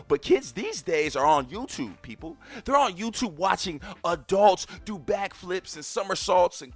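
A podcast host in his thirties tells a personal story in a slightly high voice. His pitch swings widely as he keeps calling out to his listeners. Faint music plays behind him. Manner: animated, keeps addressing listeners directly.

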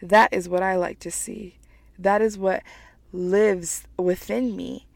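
A woman's voice: mid-range voice, steady tone, slow, creaky, darkish tone, no room sound. A woman giving a heartfelt motivational monologue as a writer, earnest and emphatic, repeating phrases as she gets emotional and teary. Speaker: writer sharing personal reflections.

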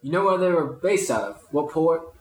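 A man's voice: on the high side, moderate pace. A man playing in a tabletop game who keeps asking questions about the scene. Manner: inquisitive, asks many questions. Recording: roomy recording.

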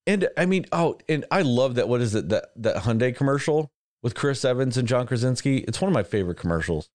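A man hosting a podcast, chatting casually in an animated, rambling way with frequent swearing. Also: medium pitch, fairly quick, no echo, clean studio sound. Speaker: podcast host. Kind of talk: casual chat.

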